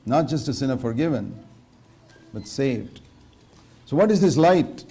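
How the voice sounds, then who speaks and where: A man's voice: mid-range voice, expressive, unhurried, warm tone, a little hiss or hum. A man preaching a sermon in an earnest way, quoting scripture and questioning his listeners directly. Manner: quotes scripture verse by verse.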